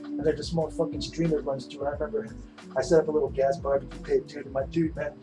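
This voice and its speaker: With music playing behind him, a middle-aged livestream host speaks fast in a fairly high, level voice on poor audio. He's running a relaxed painting stream, rambling with frequent "man," "dude," and lots of cursing.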